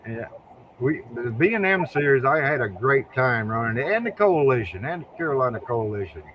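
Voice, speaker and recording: A man's voice: mid-range voice, big pitch swings, fairly quick, dull audio, slight background noise. An older man from Ohio, a guest drag racer, telling folksy stories in casual interview chat, often repeating words and chuckling.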